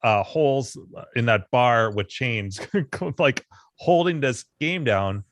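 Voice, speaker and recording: Relaxed man, dry close sound. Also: medium pitch, slow pace, dry recording. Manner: relaxed, laughs easily, trailing off. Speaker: podcast co-host. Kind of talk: casual chat.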